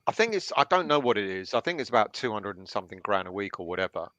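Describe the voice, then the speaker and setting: A man's voice: fairly low pitch, sing-song, a bit bright, no room sound, muffled recording. A man hosting a live online football chat, putting questions to his panel over a video call. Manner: leads the panel with questions, quick asides. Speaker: host.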